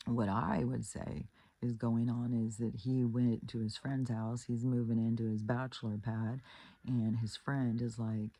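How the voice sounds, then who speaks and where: Woman, husky, gravelly, blunt, swears a lot, casual advice monologue, acts out quotes. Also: extremely low pitch, flat delivery, unhurried, mellow, dry recording. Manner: blunt and profane; retells stories with acted quotes. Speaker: relationship advice vlogger.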